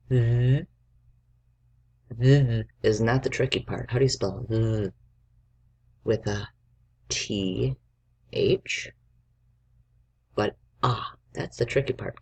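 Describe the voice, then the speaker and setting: A man's voice: on the low side, vocal fry, slightly rough. A male teacher giving a spelling lesson to young children, dictating words and patiently sounding out each letter.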